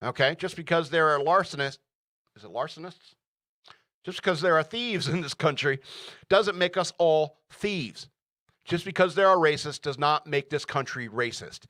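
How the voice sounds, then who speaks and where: A man's voice: fairly high pitch, lively intonation, normal speed, sharp tone, dry recording, clean studio sound. A man hosting a radio show, giving opinionated solo commentary in an emphatic way, often checking in with "all right?". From United States.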